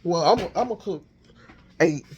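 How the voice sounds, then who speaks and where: A man vlogging casually from his home kitchen on a handheld phone, thinking out loud as he cooks. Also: sits high, lively intonation, normal speed, lo-fi sound, noisy background. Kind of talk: casual chat while cooking.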